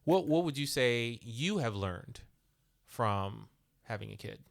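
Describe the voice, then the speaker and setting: A man hosts a parenting podcast in a conversational interview, speaking slowly and expressively in a mid-range voice with vocal fry. He reflects aloud and acts out quoted dialogue.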